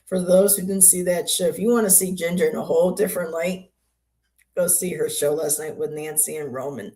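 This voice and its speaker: A woman's voice: lowish voice, steady tone, normal speed, dark tone. An older woman hosting a tarot livestream, chatting casually and greeting viewers by name.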